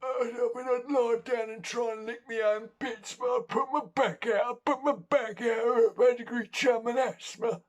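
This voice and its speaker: A man's voice: very high voice, fairly even intonation, moderate pace, hardly any pauses, voice pushed up. Man putting on a breathless old cockney dog. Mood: cheery.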